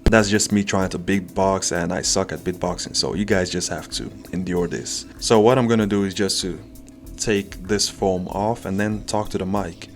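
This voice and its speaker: A man's voice: low-pitched, fairly even intonation, normal speed, creaky, music in the background. A man casually reviewing a budget microphone, chatty and self-deprecating, talking straight to his viewers from an indoor home setup. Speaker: tech reviewer. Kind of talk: casual product review vlog. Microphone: USB condenser mic at close range.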